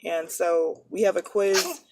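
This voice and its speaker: A woman's voice: on the low side, fairly even intonation, takes it slowly, darkish tone, slight background noise. A woman in her thirties, a nursing student, chatting casually and rambling, often correcting herself mid-sentence. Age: 30s. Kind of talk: casual chat.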